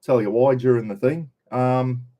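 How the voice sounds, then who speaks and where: A man's voice: mid-range voice, normal speed, mellow. An Australian man hosting a casual live stream, greeting viewers by name in a chatty, laid-back way. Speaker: livestream host. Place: in a caravan on the road.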